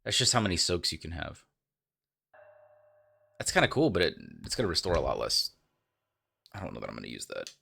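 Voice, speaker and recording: Deep, gravelly man narrating gameplay. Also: huge pitch swings, a little fast, pauses often, pushed and bright. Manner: rambling, thinking aloud with fillers. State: tired, yawning. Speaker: let's play host. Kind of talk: casual gameplay commentary.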